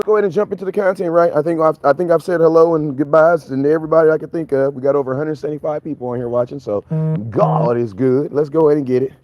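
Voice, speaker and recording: A grown man hosting a casual live stream on a morning walk outdoors, energetic and full of slang, greeting viewers by name. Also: on the high side, dry recording, poor audio.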